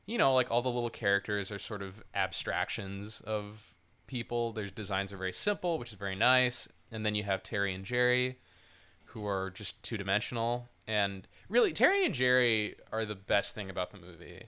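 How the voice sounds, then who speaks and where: A man's voice: lowish voice, normal speed, smooth. A man co-hosting a podcast in casual, rambling chat, full of "like" and the odd swear word. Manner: rambling, animated, swears, lots of "like". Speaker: podcast co-host.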